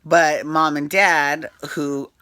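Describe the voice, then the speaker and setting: A man's voice: steady tone, drawn-out words, pushed and bright, smooth, no room sound. A man hosting a casual recap, rambling and blunt, with many fillers and restarts. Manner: mimics people in high exaggerated voices. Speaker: recap host.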